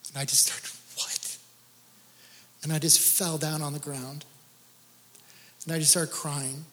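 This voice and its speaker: A man's voice: a little high, level tone, a little slow, pushed and bright, in a large hall. A man speaking to a church gathering, telling his own faith story in an earnest, storytelling way that rises to intense emphasis. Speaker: guest speaker. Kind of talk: testimony sermon.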